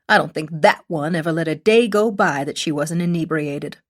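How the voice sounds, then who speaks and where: A woman's voice: deep voice, moderate pace. A woman reading an audiobook and voicing a stern, suspicious woman in her late seventies who scolds and preaches. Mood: snappish. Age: older.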